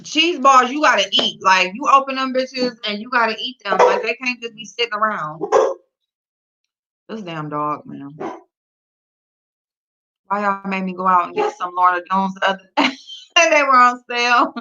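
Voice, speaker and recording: A woman hosting a casual livestream, reading the chat aloud and talking back at it and at her dog with loud laughs. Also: mid-range voice, lively intonation, normal speed, pauses often. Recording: dull lo-fi sound.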